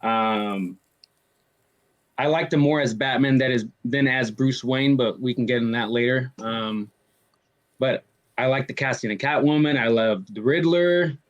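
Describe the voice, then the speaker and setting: A man's voice: mid-range voice, a little slow, highs cut off. Candid, easygoing male podcast co-host. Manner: candid, profane, easygoing opinions. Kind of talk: casual podcast chat.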